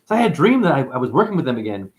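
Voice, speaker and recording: A livestream host races along in a mid-range voice. He tells stories in an excitable, rambling way, swearing freely and answering comments as they come in.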